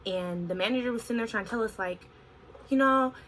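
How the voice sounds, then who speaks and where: A young woman in her twenties telling a story on her vlog in an animated, expressive way, full of "like". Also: on the high side, brisk, slight background noise, poor audio. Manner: animated, expressive retelling with frequent "like". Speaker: vlogger.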